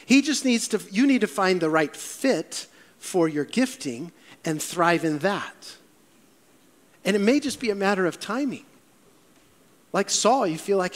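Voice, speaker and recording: A man preaching a sermon as a pastor in a church, telling stories with animated, voiced quotes. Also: high voice, measured pace, pauses often, long reverb tail.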